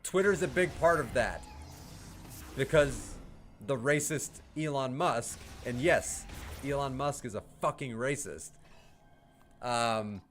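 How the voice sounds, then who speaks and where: A man's voice: medium pitch, slow pace, long pauses, fairly bright tone, faint music behind. A man from the United States chatting on a livestream, answering chat, ranting heatedly and swearing with laughs in between. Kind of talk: casual livestream chat, reading chat.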